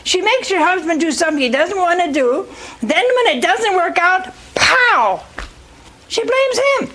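A woman's voice: extremely high pitch, expressive, moderate pace, a bit bright, rough recording. A woman preaching a sermon, retelling scripture with folksy asides and acted-out voices for the congregation.

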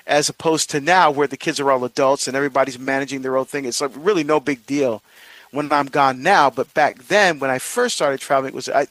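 A middle-aged man hosts a talk, telling a personal story in a rambling way full of fillers and restarts. His voice sits a little high for a man. The recording is dry and close, with no room echo. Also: fairly bright tone. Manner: rambling, many fillers and restarts, self-questioning. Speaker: host of a marriage series.

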